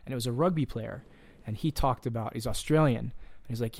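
A man's voice: mid-range voice, fairly quick, vocal fry, a little mellow, no echo. A man speaking as a coach in a casual podcast conversation, earnest and direct, plain-spoken with the odd curse word.

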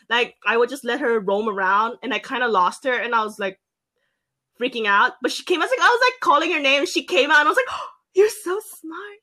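A young woman telling a casual story on a podcast, filling pauses with "like" and acting out her own past lines. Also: high-pitched, pushed and bright. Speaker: podcast co-host.

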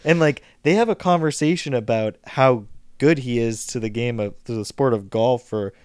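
Smooth-voiced man chatting casually. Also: medium pitch, moderate pace, dry recording, clean studio sound. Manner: loose, rambling, with frequent fillers. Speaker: podcast co-host. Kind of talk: casual chat about a movie.

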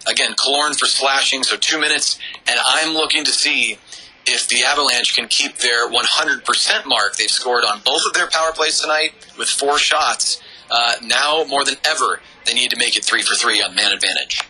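Bright-toned male hockey color commentator. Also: medium pitch, moderate pace, husky, rough recording. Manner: analytical, many filler "uh"s.

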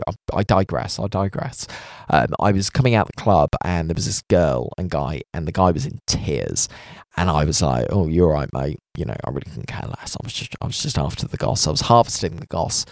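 Male host, young, low voice with lively swings, chatty self-deprecating storyteller, dry close studio sound. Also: no echo. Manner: rambling, self-mocking, animated storyteller. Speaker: radio show host. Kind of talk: chatty anecdote-telling.

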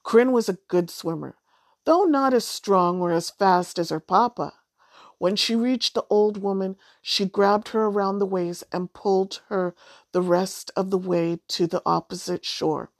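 A woman narrating a children's storybook in a measured, even way. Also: mid-range voice, no echo, studio quality. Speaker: audiobook narrator.

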